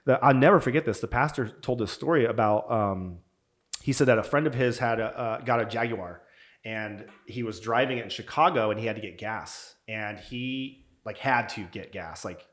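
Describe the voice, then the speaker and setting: A man guest telling stories in casual talk, acting out quotes with lively energy and saying "dude" often. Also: lowish voice, normal speed. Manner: animated, acts out quotes, says "dude" a lot. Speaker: podcast guest. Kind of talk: casual storytelling.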